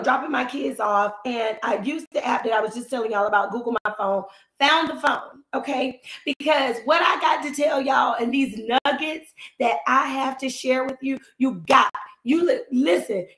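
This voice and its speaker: Slightly hoarse, chatty woman livestreaming. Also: high voice, reverberant, rough recording. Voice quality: slightly hoarse, losing her voice. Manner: chatty, animated, talks straight to viewers. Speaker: finance coach. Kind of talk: casual live stream chat. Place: at home, cutting flowers. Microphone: phone livestream.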